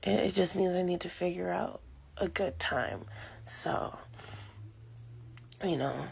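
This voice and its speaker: A woman's voice: lowish voice, slow pace, gravelly, pauses often, husky. Sleepy woman rambling to camera. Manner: rambling, talks to herself, often drops to a whisper. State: sleepy and yawning. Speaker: vlogger. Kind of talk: casual talk to camera.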